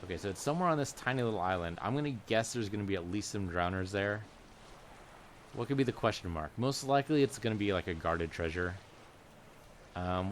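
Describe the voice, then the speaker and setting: Low-voiced man rambling over gameplay. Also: a little hiss or hum. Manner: rambling, musing aloud while playing. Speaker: let's play gamer. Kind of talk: casual gameplay commentary.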